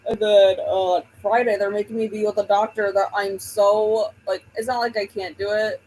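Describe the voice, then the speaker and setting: A woman's voice: medium pitch, little pitch movement, normal speed, darkish tone, slight background noise, low-quality recording. A woman hosting a book livestream, chatting casually and rambling while she greets viewers by name.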